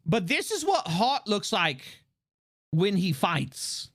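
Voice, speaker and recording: A streamer chatting live, full of fillers, restarts and quick laughs. The pitch swings a lot, so the talk stays lively and animated. The voice sits at a middle pitch for its kind. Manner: excitable, laughs often. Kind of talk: casual livestream chat.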